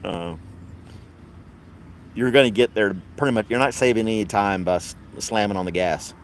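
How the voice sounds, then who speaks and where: A man's voice: on the low side, normal speed, a little hiss or hum. A man hosting a casual podcast chat, rambling and wry, laughing at his own jokes. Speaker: podcast host.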